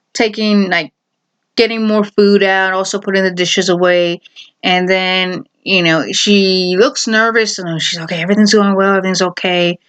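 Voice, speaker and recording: A woman casually retelling a half-remembered TV episode, rambling with many fillers and quick acted quotes. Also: mid-range voice, a bit bright, clean tone. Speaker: video host.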